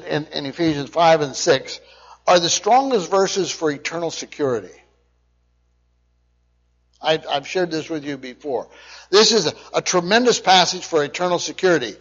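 A pastor preaches a sermon, repeating his points emphatically and checking in with his listeners. His voice is fairly high-pitched with a fairly bright tone, and the recording has a dull, lo-fi sound.

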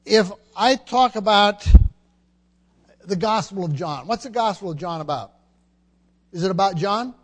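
High-voiced man preaching a sermon. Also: lively intonation, measured pace, long pauses, fairly bright tone. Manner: emphatic, repeats words while teaching; asks the congregation questions.

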